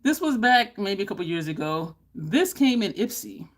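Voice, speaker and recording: Chatty, animated woman beauty vlogger. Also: moderate pace. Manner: animated, chatty, laughs often, high exclaimed reactions. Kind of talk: casual chat to camera.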